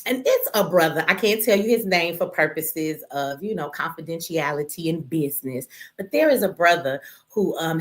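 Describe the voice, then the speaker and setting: A woman from Detroit hosts a casual livestream, tired and exasperated, talking straight to her viewers and swearing freely. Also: low-pitched. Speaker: livestream host. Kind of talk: casual live-stream rant.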